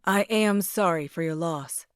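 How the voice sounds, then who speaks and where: A woman's voice: on the low side, measured pace, clean tone, no room sound, clean studio sound, close to an everyday voice. A woman voicing a polite, composed former military man with an apologetic manner.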